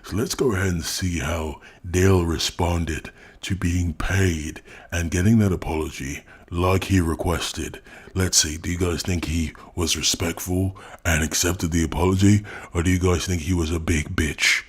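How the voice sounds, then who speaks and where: A man's voice: sits low, steady tone, normal speed, slightly rough. An English man giving mocking, exasperated reaction commentary, often laughing. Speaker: commentary YouTuber.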